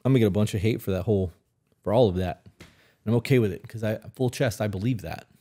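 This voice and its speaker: A man's voice: fairly low pitch, fast talker, warm tone, husky. A man co-hosting a podcast, talking bluntly and opinionated, with frequent swearing. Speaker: podcast co-host. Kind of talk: casual opinionated chat.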